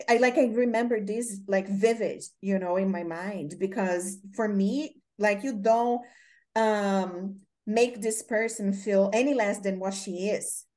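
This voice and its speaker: A woman's voice: mid-range voice, a little mellow. A woman from Brazil with a Brazilian accent, hosting an interview and telling rambling stories full of fillers. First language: Portuguese. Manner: rambling storytelling with many fillers. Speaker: host. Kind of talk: casual interview chat.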